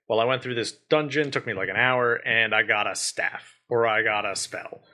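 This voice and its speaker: A man's voice: medium pitch, moderate pace, pushed and bright. A man co-hosting a casual gaming podcast, talking enthusiastically at length and laughing often mid-sentence. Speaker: podcast co-host.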